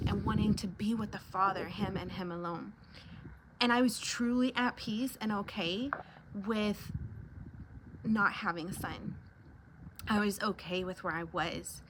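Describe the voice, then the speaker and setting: A woman hosting a devotional talk, sharing a personal faith testimony in an earnest, emotional way, close to tears. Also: mid-range voice. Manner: earnest, emotional, pausing to hold back tears. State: near tears. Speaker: devotional video host. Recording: loud background noise.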